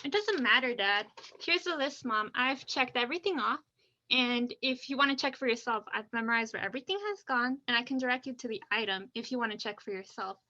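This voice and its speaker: A woman's voice: sits high, lively intonation, pushed and bright. A woman playing a blunt, impatient teenage daughter in an amateur radio play, on dull lo-fi audio. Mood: exasperated. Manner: blunt, impatient, fast when listing. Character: exasperated teenage daughter, about to turn seventeen.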